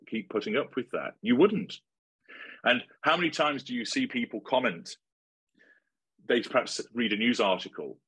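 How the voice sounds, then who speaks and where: A man answering interview questions in a measured, assertive, lecturing way. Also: fairly low pitch, a bit bright, husky. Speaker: interviewee giving advice.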